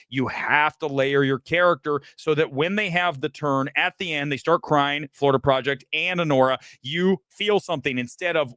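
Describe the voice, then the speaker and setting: A man's voice: fairly high pitch, a bit bright, dry recording. A man hosting a film talk show, ranting in a combative, profane, emphatic way. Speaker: host.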